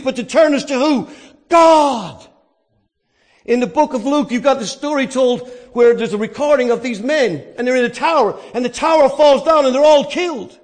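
Male preacher, very high voice, dynamic delivery, quiet to shouting, rhetorical questions. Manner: asks and answers his own questions. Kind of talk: sermon.

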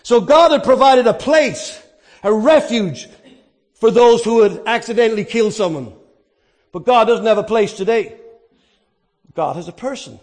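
Male preacher, very high voice, dynamic delivery, quiet to shouting, rhetorical questions. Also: expressive, moderate pace, pauses often. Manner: asks and answers his own questions. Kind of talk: sermon.

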